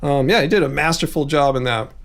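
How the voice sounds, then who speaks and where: A man hosting a casual livestream. He rambles, chuckles often and drops animated asides. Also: a little high, fairly quick. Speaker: livestream host.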